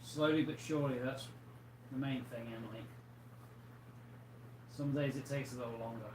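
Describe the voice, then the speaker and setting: Man, livestream host, casual and chatty, tired, middle pitch, echoey room, faint hum behind. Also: normal speed. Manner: relaxed, chatty, reads out viewer comments. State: tired, yawning. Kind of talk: casual chat with viewers. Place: home room with fish tanks.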